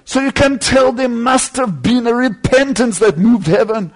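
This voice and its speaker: A man preaching a sermon with fervent delivery, swinging between loud climbs and quieter asides. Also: very high voice, unhurried.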